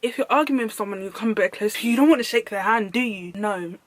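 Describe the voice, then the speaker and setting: Talking a little fast in a voice on the high side, a young vlogger from the United Kingdom shares a storytime. Her style is animated, slangy, and emphatic, with lines repeated for effect. No room sound is present.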